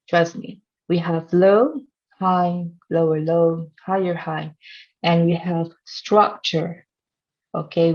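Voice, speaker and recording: A woman with a fairly low, darkish voice teaches a trading course over a chart in English, which isn't her first language. She's playful and teasing, often laughing at her own examples, and the sound is dull and lo-fi.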